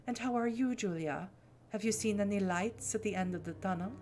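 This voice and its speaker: A woman voicing a poised female vampire elder who speaks graciously and gently chides. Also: medium pitch, a little fast, faint music behind, lightly acted.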